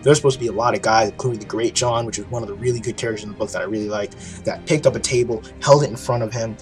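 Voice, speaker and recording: Casting note: lower-voiced man, animated fan reviewer, profane and excitable, faint music underneath. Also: rapid-fire. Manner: excited, profane storytelling with frequent restarts. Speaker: TV episode reviewer. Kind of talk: casual video review.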